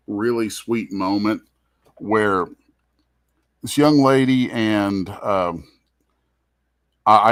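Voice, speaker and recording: A man's voice: on the low side, fairly bright tone. A man hosting a comic art show, telling a rambling, heartfelt story in casual chat. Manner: rambling, heartfelt, restarts often. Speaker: comic artist host. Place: convention booth.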